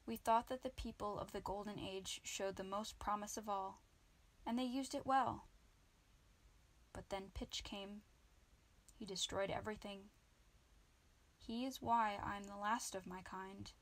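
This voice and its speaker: A woman's voice: medium pitch, steady tone, measured pace, long pauses. A woman voicing a solemn, fussy male rabbit warrior who is the last of his kind, in a storybook reading. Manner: fussy, solemn, egg-obsessed.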